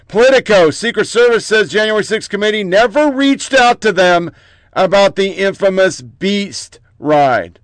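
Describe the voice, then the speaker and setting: A man's voice: sits high, very animated, moderate pace, no echo. A man hosting a political commentary show, reading out headlines in short clipped bursts with profane, mocking asides.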